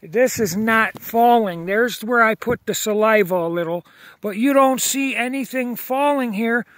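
A video blogger films himself outdoors at night, holding his phone camera and addressing viewers insistently, repeating himself and stumbling over restarts. His voice is high, fairly bright and unhurried, and the recording is dry.

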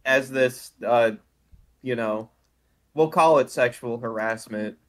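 A man co-hosting a podcast, making dry, deadpan jokes in a casual recap chat. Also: medium pitch, takes it slowly. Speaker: podcast co-host.

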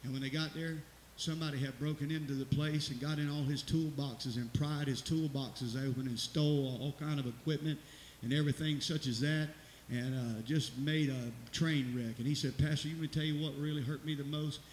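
Folksy pastor in echoey church. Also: male voice, a little high, fairly even intonation, fairly quick. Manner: folksy, rambling, preacherly, rising to loud exclamations. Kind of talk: church announcements and exhortation. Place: church sanctuary. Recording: echoey church hall with hiss.

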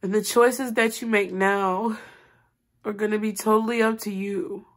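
Here the tarot reader speaks unhurriedly at a medium pitch, with little movement in her intonation. She rambles earnestly and spiritually, talking straight to her viewers. She weeps as she goes, her voice rising and breaking.

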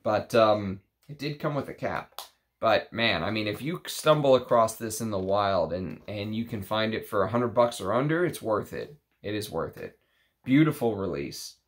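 Enthusiastic low-voiced man reviewing perfumes. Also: lively intonation, normal speed. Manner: enthusiastic, gushing with restarts and fillers. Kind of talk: casual video review.

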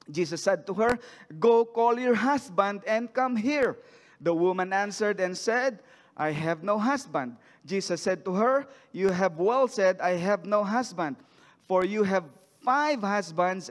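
A man preaching a sermon, reading scripture aloud and then asking the congregation questions about it. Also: sits high. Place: church sanctuary. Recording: long church hall reverb.

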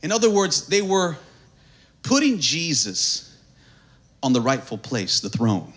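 A male pastor preaching at a church service, swinging from hushed, near-whispered lines to shouted, sing-song climaxes. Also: fairly high pitch, sing-song, unhurried, long pauses. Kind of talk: sermon.

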